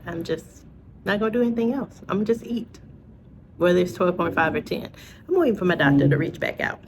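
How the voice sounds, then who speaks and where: A woman's voice: fairly low pitch, vocal fry, noisy background. A woman vlogging in a casual chat to camera, talking to her viewers with frequent laughs and asides. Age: adult, parent.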